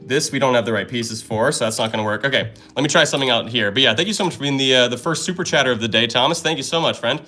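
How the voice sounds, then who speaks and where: A young man hosting a live stream, chatting casually and excitedly while solving puzzles and thanking viewers. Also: mid-range voice, racing, hardly any pauses, soft background music.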